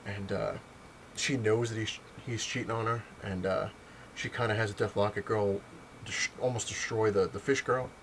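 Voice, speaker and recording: Man, low voice, rambling casual comic review with a lot of fillers; faint hiss in the recording. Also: low-quality recording. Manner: rambling, lots of fillers and retold dialogue. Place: home, on a couch.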